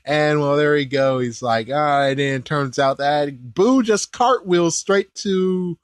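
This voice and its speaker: A man hosting a casual episode commentary, excitable and chuckling, with mild swearing. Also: a little high, measured pace, clean tone, dry recording. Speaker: anime reaction host.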